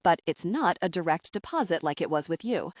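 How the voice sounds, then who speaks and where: A woman's voice: lowish voice, animated, a little fast, dry recording, studio quality. A woman voicing a charming young French man with a French accent in an audiobook. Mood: polite. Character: young French male doctor, polite and charming.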